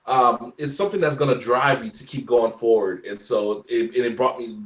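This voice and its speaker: A man in his forties telling stories in a casual interview chat, animated and laughing often. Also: medium pitch, moderate pace, echoey room, recorded from a distance. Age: 40s. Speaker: guest.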